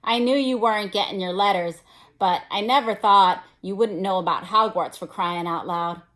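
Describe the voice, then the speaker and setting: Booming, quick-tempered giant with a clipped rough accent, done by a woman reader. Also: lively intonation, natural voice. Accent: attempted West Country English. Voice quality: loud, booming, dropped word endings. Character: huge gruff good-natured giant man, quick-tempered. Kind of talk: read-aloud storybook voice.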